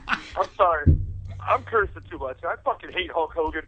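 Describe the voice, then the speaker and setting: A man's voice: on the high side, expressive, normal speed, sharp tone, faint music behind. A man calling in as a guest on a casual podcast, ranting with heavy profanity about things he hates. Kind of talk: casual wrestling podcast chat. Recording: muffled phone-line sound.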